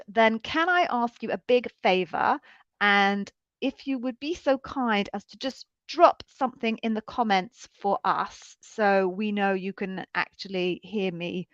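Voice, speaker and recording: A woman's voice: mid-range voice, no room sound, muffled recording. A woman co-hosting a live coaching stream, chatting casually and laughing at herself as she waits for viewers. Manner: chatty, self-deprecating, laughs easily.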